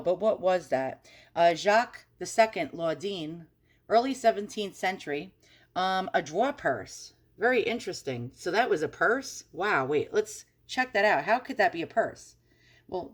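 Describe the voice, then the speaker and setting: Woman, lowish voice, chatty and frank, casual antiques commentary, mild swearing. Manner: chatty, frank, swears mildly, stumbles over French words. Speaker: antiques channel host. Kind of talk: casual screen-recorded research commentary. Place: at home at her computer.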